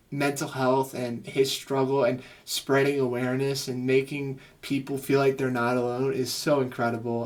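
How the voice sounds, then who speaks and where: Earnest, gushing male therapist reacting. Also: mid-range voice. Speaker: psychotherapist reacting to music. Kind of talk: reaction commentary.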